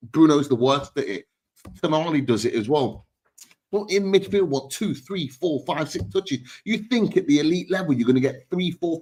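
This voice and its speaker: A man's voice: a little high, darkish tone, slightly rough. A man on a fan panel, ranting bluntly and heatedly about his team's players. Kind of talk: heated football fan chat.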